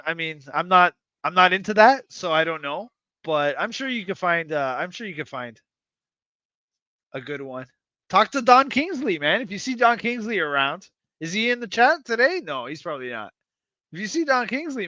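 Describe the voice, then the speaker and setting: A man hosting a livestream, chatting to his viewers in a rambling, excitable, self-mocking way and swearing freely. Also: high-pitched, no echo, muffled recording. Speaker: livestream host. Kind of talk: casual livestream chat to viewers.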